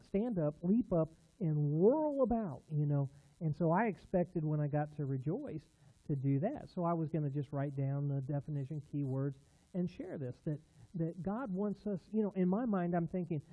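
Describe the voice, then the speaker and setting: Pastor, male, a bit high-pitched, conversational sermon storytelling, earnest with emphatic swells, tinny phone-like audio. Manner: earnest, building to emphatic bursts.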